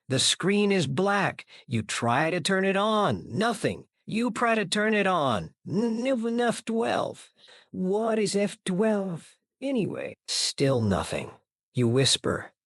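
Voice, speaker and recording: A narrator reading a comedic English lesson in short, deadpan sentences. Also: mid-range voice, no room sound, studio quality.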